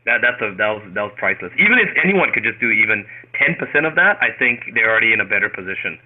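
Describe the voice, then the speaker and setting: A man's voice: on the low side, sing-song, fast. A man on a coaching call, speaking hesitantly with many restarts as he praises the lesson. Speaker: call participant. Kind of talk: casual call discussion. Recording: phone-like call audio.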